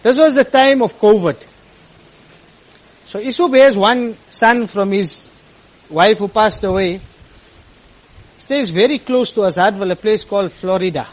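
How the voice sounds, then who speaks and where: A man's voice: sits high, measured pace, pauses often, low-quality recording. A man, an imam telling a story in a sermon, earnest and at times rising to impassioned exclamations.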